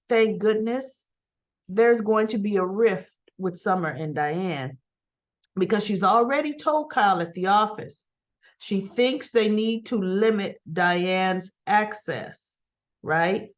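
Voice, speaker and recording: A woman giving a casual, chatty recap, animated and full of rhetorical asides. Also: on the high side, muffled recording. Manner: animated, rhetorical asides, talks back to characters. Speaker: soap opera recap vlogger.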